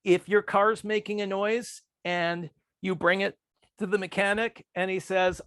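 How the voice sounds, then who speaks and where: A man giving a talk on persuasion, speaking in a calm, measured way and acting out quoted remarks with changes in pitch. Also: clear, resonant tone, no echo, studio quality. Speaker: workshop presenter. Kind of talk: presentation on persuasive communication.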